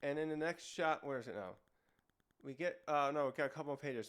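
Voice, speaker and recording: A man's voice: a little high, fairly quick, clean tone. A man casually reviewing a comic chapter, rambling with many restarts and fillers. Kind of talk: casual commentary.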